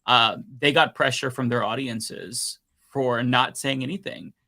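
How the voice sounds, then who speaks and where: A young man co-hosting a political panel, speaking in earnest, measured commentary. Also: mid-range voice, creaky, pushed and bright. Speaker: co-host on a political stream. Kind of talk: casual panel chat.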